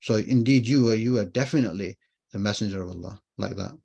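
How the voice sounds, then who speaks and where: A man's voice: lowish voice, fast, gravelly, mellow, breathy edge. Man teaching an online language class. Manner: explains patiently, repeats phrases, asks and answers his own questions. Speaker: Arabic teacher.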